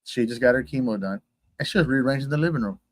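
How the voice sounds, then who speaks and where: A man's voice: mid-range voice, fast talker. Man telling a story in casual chat. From Texas. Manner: animated storyteller, acts out quoted voices. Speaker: guest.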